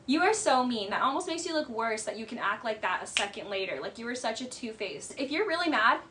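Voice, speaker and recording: Woman, high voice, casual reaction commentary, blunt, scornful, animated, lots of "like" fillers. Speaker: commentary host.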